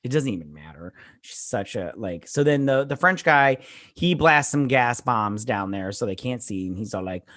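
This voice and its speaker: A man's voice: mid-range voice, animated, normal speed, fairly bright tone. Rambling man recapping a show. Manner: rambling, filler-heavy, blunt opinions. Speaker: show host reviewing a TV episode. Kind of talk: casual episode recap and review.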